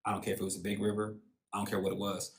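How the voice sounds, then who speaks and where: Guy on a live stream preaching about self-worth, lowish voice, slangy and storytelling. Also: level tone, rapid-fire. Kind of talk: casual motivational talk.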